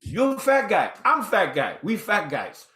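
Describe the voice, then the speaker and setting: A blunt, no-nonsense male doctor, as a man puts him on, talking in short, clipped, broken phrases. His voice sits higher and brighter than the storyteller's own and sounds a little farther from the mic. The room around him is echoey. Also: very animated, measured pace, heavily acted. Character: blunt older male doctor, matter-of-fact.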